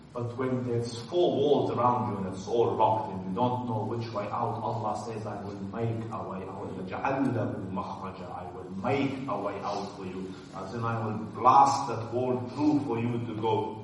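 Male preacher, lively storyteller swinging loud and soft, heard from afar in a big reverberant hall. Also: lowish voice, slight background noise. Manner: animated storytelling, rising to loud calls and dropping to soft asides. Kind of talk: sermon. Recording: distant mic in an echoey hall.

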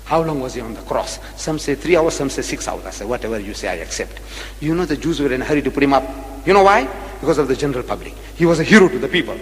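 A man's voice: medium pitch, lively intonation, fast talker, slight background noise. Male lecturer, rhetorical and repetitive, echoing hall sound. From South Africa. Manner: rhetorical, repeats phrases, questions the audience. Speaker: religious lecturer. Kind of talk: public religious debate lecture.

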